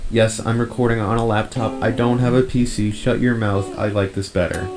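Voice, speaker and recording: A man with a low voice reading the lines of an eager, talkative young male lynx in a visual novel. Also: little pitch movement, normal speed, music in the background, natural voice. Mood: chatty.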